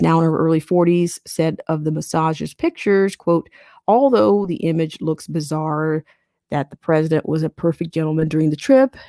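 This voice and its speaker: Gravelly sarcastic woman reading the news. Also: low voice, darkish tone, no room sound, studio quality. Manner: sarcastic asides between read quotes. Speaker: podcast host. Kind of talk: reading a news article aloud with commentary.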